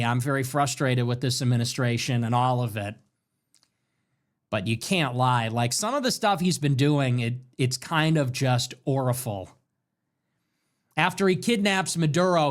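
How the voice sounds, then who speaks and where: A man hosts a ranting political talk show in a voice pitched a little high for a man. He is animated and swings between loud bursts and low muttered asides as he rants on. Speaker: show host.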